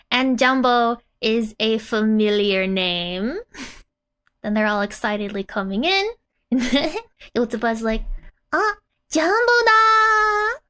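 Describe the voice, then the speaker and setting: A woman with a slightly high, smooth, somewhat bright voice teaches a casual language lesson on manga dialogue. She's chatty and giggly, laughing often and filling her speech with "like".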